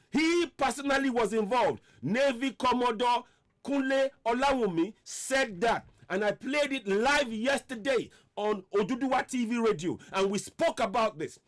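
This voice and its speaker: A man hosting an online radio show, speaking out in impassioned commentary and hammering home repeated rhetorical questions. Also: high voice.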